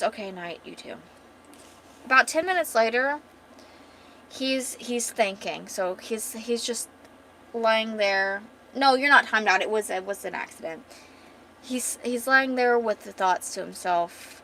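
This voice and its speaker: A woman's voice: fairly high pitch, pushed and bright, slight background noise. A woman streamer chatting casually with viewers while retelling and reading a comic aloud, full of fillers and restarts.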